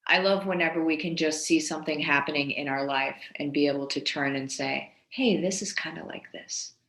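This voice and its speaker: A woman's voice: low-pitched, moderate pace, fairly bright tone, reverberant. A woman hosting a video call, praising speakers with emphatic repetition. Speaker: host.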